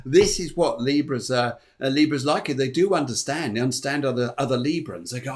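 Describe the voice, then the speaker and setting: Male host, mid-pitched, lively casual chat with frequent laughter. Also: moderate pace, few pauses. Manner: enthusiastic, laughs often, acts out quoted voices. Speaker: host of a spiritual and astrology show.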